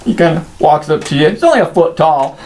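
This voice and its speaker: A man narrating a tabletop role-playing game as game master, in a playful, animated way. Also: on the high side, fairly quick. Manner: animated, playful scene-setting.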